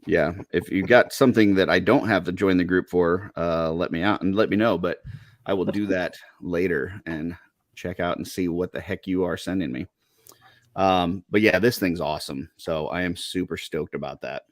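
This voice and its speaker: Man, podcast host, low voice, dry close sound, rambling casual chat. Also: normal speed, dry recording. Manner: laid-back, rambling with fillers.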